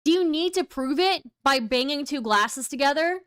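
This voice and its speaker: A woman's voice: high voice, animated, unhurried, a bit bright. A young woman streaming, reacting to clips in casual commentary, sarcastic and exasperated, swearing freely.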